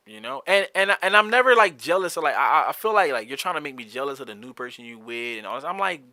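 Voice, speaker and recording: A man's voice: fairly high pitch, sing-song, fast talker, few pauses, bright, forceful tone, no echo. A young man hosting a solo podcast, talking candidly in a heated, profane, rambling way with frequent restarts. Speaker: podcast host.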